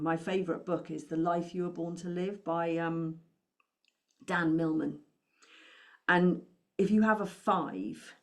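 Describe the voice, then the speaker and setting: Британская женщина, коуч по финансам, говорит ободряюще и задаёт слушателю вопросы; голос чуть ниже среднего. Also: female voice, lowish voice. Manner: encouraging, asks the listener many questions. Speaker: money coach. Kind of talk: motivational talk to camera.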